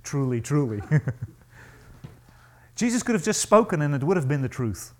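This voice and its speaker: A male pastor preaching a sermon to a congregation, emphatic and animated, acting out the voices he quotes. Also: a little high, moderate pace.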